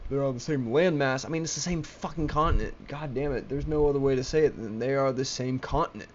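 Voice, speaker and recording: A young man vents to his webcam in a rambling, agitated solo rant, cursing frequently and tripping over his words with restarts and stammers. He speaks fast in a mid-range voice, and the laptop mic recording is muffled with slight background noise.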